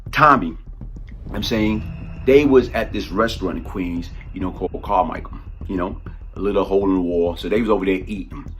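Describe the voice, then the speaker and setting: A man's voice: deep voice, a little fast. Rambling man telling a street story. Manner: rambling, filler-heavy, animated.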